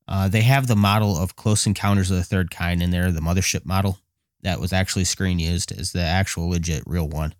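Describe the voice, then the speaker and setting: A man telling a casual story, excitable, laughing often and acting out his own past lines. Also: sits low, a little fast, dry recording, studio quality. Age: adult with a child.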